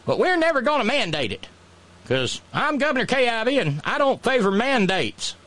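A man voicing a defiant, folksy older woman governor in a high, strained mock falsetto, boastful in manner. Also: very animated, moderate pace, a bit bright, heavily acted.

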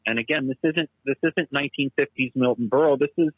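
Man co-host, analytical casual chat, husky voice, muffled dry recording. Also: mid-range voice, fast talker, no echo.

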